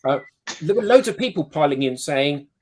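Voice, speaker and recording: A man's voice: on the high side, expressive, normal speed, darkish tone, low-quality recording. A man hosting a casual chat, telling a chatty anecdote. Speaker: host.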